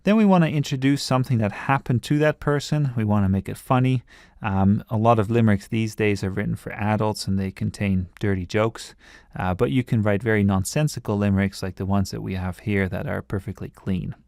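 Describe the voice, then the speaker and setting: A man teaches a writing lesson in a patient, explanatory way. His voice sits fairly low and has a gravelly edge. The recording is dry and close, with no room sound. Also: brisk, darkish tone, no echo. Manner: patient, explanatory, with occasional fillers and restarts.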